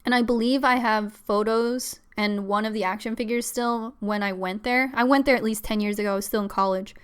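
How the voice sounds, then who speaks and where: A young woman hosts a casual live stream, her voice smooth and clear and sitting a little high. She rambles from one thing to the next with plenty of fillers and light laughs. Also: steady tone, a little fast. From Pennsylvania, US.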